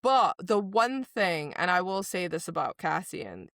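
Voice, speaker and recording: A woman's voice: lowish voice, very animated, measured pace, a bit bright, dry recording. A woman co-hosting a podcast in casual book discussion, animatedly acting out characters' lines and swearing casually. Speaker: podcast co-host.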